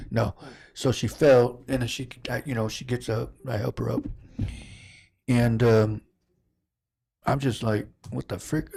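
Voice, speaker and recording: A man's voice: fairly low pitch, vocal fry, a little mellow. A man hosting a podcast, telling a story in casual chat, rambling, breaking off mid-sentence and laughing often. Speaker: podcast host.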